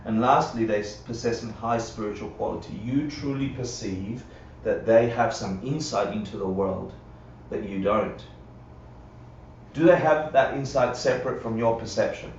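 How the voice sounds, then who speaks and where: A man's voice: lowish voice, moderate pace, darkish tone, slight background noise. Guy teaching a class, chatty, keeps saying yeah?, really echoey room, mic way off. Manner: conversational, checks in with "yeah?" and acts out quotes. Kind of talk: live Buddhist class lecture. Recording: roomy, dull livestream audio from a distance.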